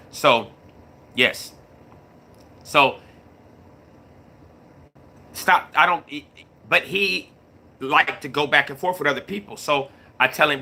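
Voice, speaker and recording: Casting: middle-aged male streamer, somewhat high voice, very bright and forceful, laid-back chat to viewers. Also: takes it slowly, vocal fry, long pauses. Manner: laid-back, repeats himself, greets chat mid-story. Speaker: YouTube live streamer. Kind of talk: casual livestream talk to viewers.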